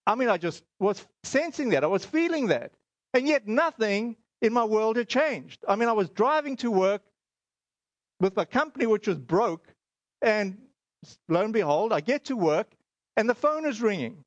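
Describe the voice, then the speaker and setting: A man's voice: high voice, sing-song, normal speed, no echo, dull audio. A middle-aged man from South Africa giving a spoken testimony sermon, telling his story with many fillers and acted-out dialogue. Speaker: speaker.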